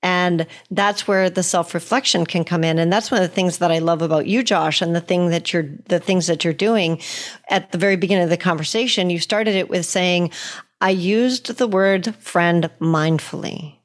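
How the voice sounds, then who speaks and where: A woman hosting a podcast conversation, enthusiastic and quick to praise, with exclamations. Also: lowish voice.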